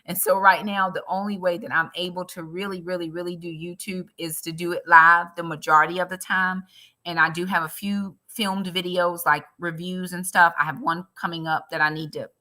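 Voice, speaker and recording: Woman live-streamer, lowish voice with a sharp, bright edge, earnest and personal with her viewers. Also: steady tone, moderate pace. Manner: earnest, talks straight to viewers; emotional about her faith. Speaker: budgeting live-streamer and ministry leader.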